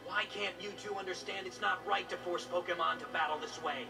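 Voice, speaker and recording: Indignant cartoon youth, gravelly, distant with music. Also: male voice, high-pitched, steady tone, a little fast. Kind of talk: animated film dub. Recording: distant film audio with music.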